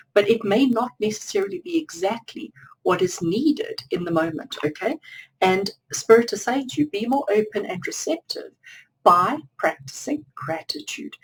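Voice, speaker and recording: A woman's voice: medium pitch, distant mic, a little hiss or hum, poor audio. A woman doing a pick-a-card tarot reading, talking earnestly and encouragingly straight to the listener.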